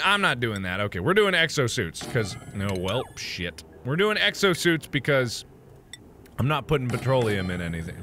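Male gameplay commentator, melodramatic and playful self-talk, bright forceful tone. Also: medium pitch, big pitch swings, normal speed, slight background noise. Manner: theatrical, swings from muttering to loud outbursts. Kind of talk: let's play commentary.

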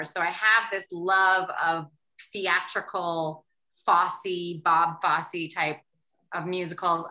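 A woman from Canada, a guest in a casual interview, telling stories in an animated way and laughing often. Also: mid-range voice, rough recording. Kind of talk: casual chat.

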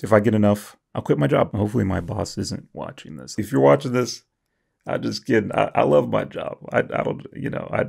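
A young man with a heavily gravelly, husky voice reads out viewer comments and jokes about them. His pitch leaps around in a lively, playful way, from squeaky highs to low grumbles. He sounds self-mocking and casual throughout. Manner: jokey and self-mocking, swings from high squeals to low mutters. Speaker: YouTuber reading comments. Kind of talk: comedic comment-reading vlog.

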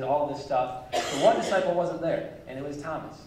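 A man's voice: medium pitch, steady tone, fairly quick, hardly any pauses. A man preaching a sermon as pastor, conversational and easygoing, with light chuckles between his points. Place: church sanctuary. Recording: echoey church hall from far off mic.

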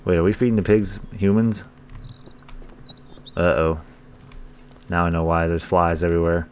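Man, gaming channel host, let's-play commentary, deep voice, profane, joking. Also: flat delivery, moderate pace, darkish tone, a little hiss or hum. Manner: profane, joking, talks to game characters.

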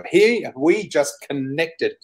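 A man's voice: fairly high pitch, slow pace, rough recording. Chatty man telling stories. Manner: animated, chatty, exclamatory storyteller. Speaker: psychic guest. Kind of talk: casual storytelling interview.

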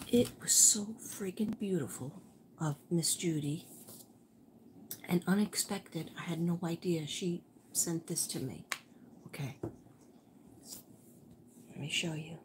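An older woman hosts a late-night livestream from her home, rambling casually and often sinking to a near whisper. Her voice sits low and her pace is unhurried. A faint hum of room noise sits behind her. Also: a little mellow. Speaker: livestream host.

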